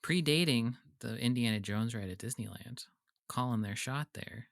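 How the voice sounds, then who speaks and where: A man's voice: mid-range voice, moderate pace, gravelly, fairly bright tone, no room sound, clean studio sound. A man co-hosting a podcast in easygoing casual chat, tossing in joking asides. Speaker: podcast co-host.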